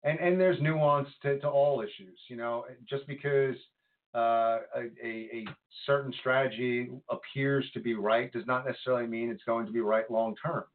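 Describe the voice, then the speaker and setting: A man's voice: medium pitch, moderate pace. Rambling man on a tinny phone-like line. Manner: animated, rambling with many fillers and restarts. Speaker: podcast co-host. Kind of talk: casual political chat.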